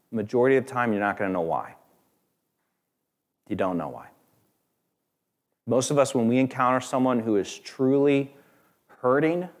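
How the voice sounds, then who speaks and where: A man preaching a Sunday sermon in a church, telling a story in an earnest, conversational way. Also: fairly low pitch. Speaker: pastor.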